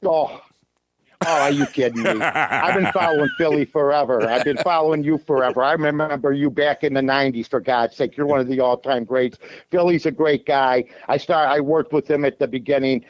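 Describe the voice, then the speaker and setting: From a parked car, a Chicago man who handicaps and hosts sports radio talks bluntly on a call-in show, full of fillers and false starts. His mid-range voice moves a little fast, and the audio quality is low.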